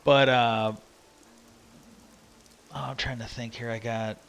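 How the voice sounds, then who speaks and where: A man's voice: mid-range voice, level tone, takes it slowly, fairly bright tone, a little hiss or hum. A man casually telling a long story about his old job, rambling and quoting himself with "I go". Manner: rambling, restarts, quotes himself with "I go". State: a little lightheaded. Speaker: livestream host. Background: music.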